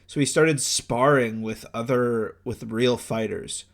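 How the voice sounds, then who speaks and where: A man's voice: mid-range voice, fairly even intonation, slow, creaky. Crude joking young man, casual banter. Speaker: podcast co-host.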